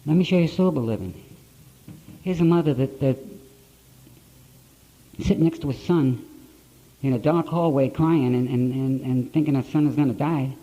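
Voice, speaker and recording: A middle-aged man giving a personal recovery talk to an audience, in blunt storytelling with plain, rough grammar, on an old conference tape. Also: mid-range voice, moderate pace, long pauses, warm tone, highs cut off.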